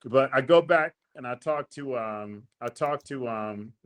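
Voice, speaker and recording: A man's voice: mid-range voice, unhurried, clean tone. A man hosting a podcast, casually telling a long story in slangy talk, acting out the quotes. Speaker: podcast host.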